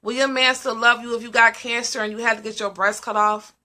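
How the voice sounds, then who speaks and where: Emphatic woman with a bright, ringing voice. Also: a little high, level tone, a little fast. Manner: emphatic, repeats questions. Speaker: host of a live discussion. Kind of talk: casual live-stream talk.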